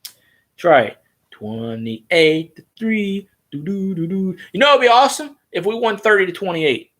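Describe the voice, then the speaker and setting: A man rambling in a casual, profane, excitable monologue as a sports-fan vlogger. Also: sits high, measured pace.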